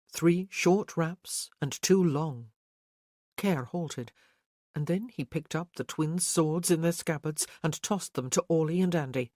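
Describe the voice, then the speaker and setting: An audiobook narrator reading historical romance in measured, even scripted narration. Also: medium pitch, no echo, studio quality.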